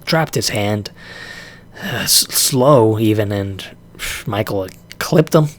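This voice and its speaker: A man's voice: on the low side, expressive, slow pace. A man ranting casually about a fight, profane and exasperated, breaking into laughs often. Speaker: vlogger reacting to a fight.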